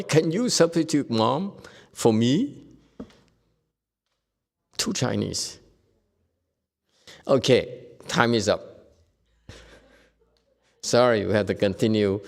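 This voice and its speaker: A man teaching a Buddhist Dharma lecture, telling stories in a lively way and acting out the people he quotes. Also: lowish voice, gravelly, in a large hall. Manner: lively storytelling, acts out quoted speakers, laughs often. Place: Buddhist meditation hall.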